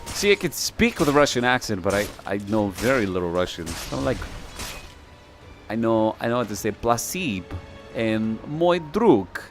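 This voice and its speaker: A man's voice: lowish voice, expressive, normal speed, music in the background. A man casting a video game match live, calling plays and joking casually between them. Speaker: esports caster. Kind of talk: live play-by-play commentary.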